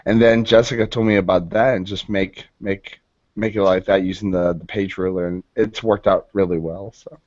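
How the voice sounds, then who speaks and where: A man's voice: low-pitched, fairly even intonation, moderate pace, darkish tone, no room sound. A man on a video call panel, chatting about tools in a hesitant way with many ums. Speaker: panelist, educator. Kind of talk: conversational chat. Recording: dull, dry video call audio.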